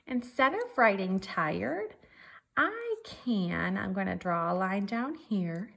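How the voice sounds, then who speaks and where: A woman's voice: medium pitch, big pitch swings, slow pace, creaky, a bit bright. A woman teacher giving a virtual writing lesson, working through her draft methodically and thinking aloud step by step.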